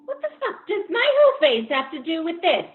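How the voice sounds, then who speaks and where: A woman's voice: very high-pitched, sing-song, normal speed, pitched above the performer's own voice. A woman reading a defensive young woman, tinny line. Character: defensive young woman arguing with her friend. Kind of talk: cold reading of a scene. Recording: tinny video-call audio.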